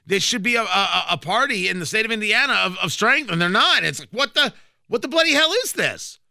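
A man's voice: high voice, animated, a little fast, vocal fry, sharp tone, dry recording, studio quality. A man hosting a political radio show, giving combative, emphatic commentary with sarcastic asides.

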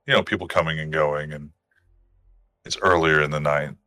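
A man narrating as game master in a tabletop game, describing scenes in a measured way. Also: very deep voice, steady tone, bright, forceful tone, no echo.

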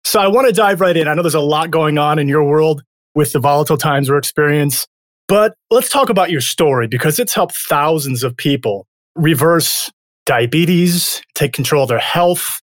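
Upbeat podcast host, dry close sound. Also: male voice, on the high side, dry recording. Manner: upbeat, encouraging. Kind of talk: podcast interview.

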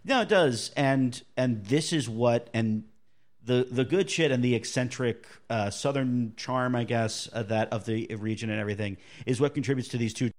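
A man's voice: mid-range voice, moderate pace. A man co-hosting a podcast, telling stories in casual chat with frequent restarts. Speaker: podcast co-host.

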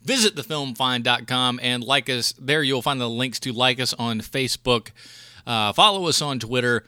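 A man's voice: medium pitch, moderate pace, pushed and bright, clear, resonant tone, no echo, studio quality. A man hosting a podcast, ranting in a profane, fired-up way about rude moviegoers in casual chat. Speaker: podcast host.

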